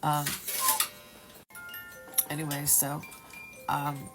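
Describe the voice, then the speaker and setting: Low, slow-talking woman telling her testimony. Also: monotone, music in the background. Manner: rambling and halting, dropping to whispers. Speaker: testimony speaker. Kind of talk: personal storytelling. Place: at home.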